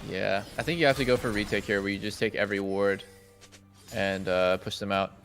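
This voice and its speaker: A man giving casual, excitable commentary on an esports match at a watch party, rambling and restarting often. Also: lowish voice, fast talker, faint music behind. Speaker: stream co-caster.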